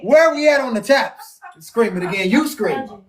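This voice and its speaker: High-voiced preacher in an echoey room. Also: male voice, a crowd in the background. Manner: animated, jokey, drawn-out emphasis. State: losing his voice. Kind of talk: casual live-stream Bible teaching. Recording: echoey room, far from mic.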